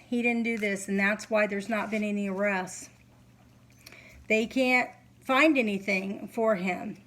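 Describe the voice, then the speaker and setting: A middle-aged woman talking to camera at home as a psychic reader, earnest and halting, sleepy and yawning. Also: a little high, fairly bright tone, a little hiss or hum, low-quality recording. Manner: earnest, halting, many fillers. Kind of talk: casual monologue to camera. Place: home, candles lit.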